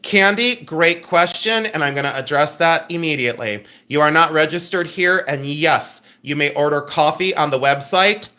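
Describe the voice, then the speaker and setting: A middle-aged man runs a live online sale in a chatty, busy way, reading viewer names and orders aloud. His voice is bright and forceful and sits a little high. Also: normal speed, hardly any pauses. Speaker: live-stream sale host. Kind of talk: live-stream selling chat.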